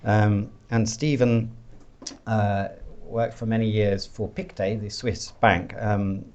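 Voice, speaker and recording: A man introducing the speakers at an event, hesitant and full of pauses and fillers. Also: lowish voice, little pitch movement, darkish tone. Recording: dull, muffled with faint noise.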